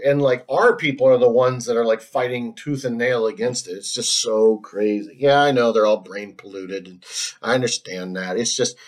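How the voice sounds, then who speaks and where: A man hosting a solo stream, talking in a casual, rambling monologue full of restarts, fillers and frequent laughs. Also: mid-range voice. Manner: halting, many restarts and fillers, laughs often.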